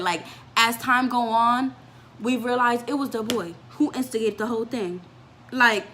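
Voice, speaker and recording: A young woman vlogger telling a story from her life in a casual, animated way, with lots of "like" and acted-out voices. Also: on the high side, a little hiss or hum. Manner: animated storytelling, fillers with "like", acts out quoted voices.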